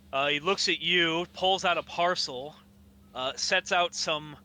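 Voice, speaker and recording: A man narrating a tabletop game as game master, slow and descriptive, often coughing. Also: fairly high pitch, bright, forceful tone. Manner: slow, descriptive, with frequent coughs and throat-clearing.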